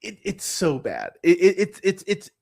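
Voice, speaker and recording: A man's voice: sits high, wildly swooping pitch, normal speed, gravelly, darkish tone. A man hosts a movie podcast, ranting about a film he hated in a loose, casual way. He swears freely and piles on fillers and false starts as his frustration builds. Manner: exasperated, swearing, many fillers and restarts. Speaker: podcast host. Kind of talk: casual movie review rant.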